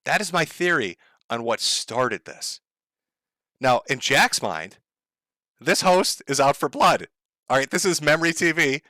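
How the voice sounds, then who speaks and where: Snarky guy doing a sweary roast commentary, bright punchy voice, dry no-room sound. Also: on the high side, lively intonation, unhurried, long pauses, dry recording. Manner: sarcastic, profane, laughs at his own jokes. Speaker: online commentator. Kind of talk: mocking commentary.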